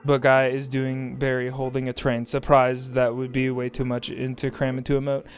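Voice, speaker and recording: A male streamer chatting casually on a livestream while high, rambling and swearing casually as he reads chat aloud. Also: completely flat delivery, normal speed, faint music behind.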